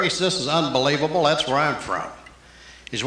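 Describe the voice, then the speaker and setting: Male stand-up comic, quick one-liners, crisp bright tone, roomy live club tape. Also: on the high side, expressive. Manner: rapid-fire one-liners, jumping into character voices. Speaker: stand-up comedian. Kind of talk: live stand-up joke telling. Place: live comedy venue.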